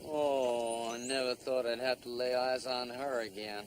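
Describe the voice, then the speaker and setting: An actor playing a smooth-talking con man with a folksy, wheedling manner in a TV drama. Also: mid-range voice, fairly even intonation, unhurried, a little hiss or hum, lightly acted. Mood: pleading. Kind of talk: TV drama acting.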